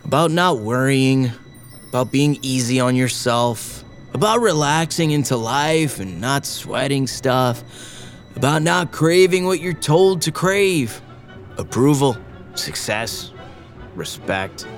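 A man's voice: medium pitch, expressive, slow. A man playing an earnest, people-pleasing teenage boy in an audio drama. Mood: sheepish. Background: music.

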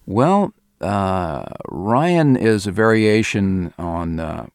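A man with a notably deep voice answers interview questions, pausing and restarting as he works out his thoughts. His voice sounds dry and close, with no room around it. He talks as a voice actor and director. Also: animated, a little mellow, no echo. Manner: hesitant, thinking aloud with many restarts. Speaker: audio drama director and voice actor.

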